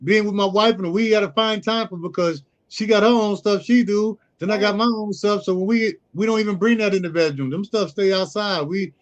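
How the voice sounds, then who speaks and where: High-voiced middle-aged man telling stories. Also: a little fast, hardly any pauses. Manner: storytelling, acts out quoted dialogue. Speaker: guest, youth mentor. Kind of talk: casual conversational interview.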